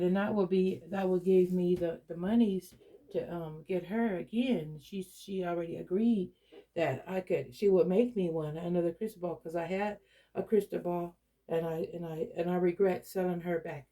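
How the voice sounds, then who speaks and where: A woman's voice: on the low side, mellow. A middle-aged woman chatting casually to her viewers, rambling with many restarts and fillers. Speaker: doll collector vlogger. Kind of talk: casual chat to camera.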